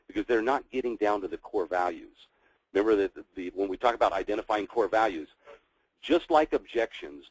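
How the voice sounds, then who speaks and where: A man's voice: deep voice, a little mellow, breathy edge, no echo, low-quality recording. A middle-aged man teaching a sales training session, walking through scripts in an instructive way with frequent fillers. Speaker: sales coach.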